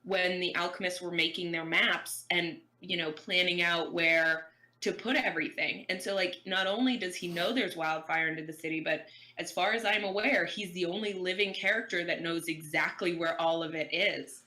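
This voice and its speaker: Female podcast co-host, bright and lower-pitched, eager rambling fan chat. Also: fairly even intonation, moderate pace. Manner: eager, rambling recaps acting out scenes.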